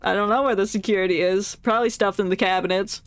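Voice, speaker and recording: A woman's voice: medium pitch, fairly even intonation, fast. A woman streamer who reads game text aloud in a playful, joking way, laughing and stumbling over words.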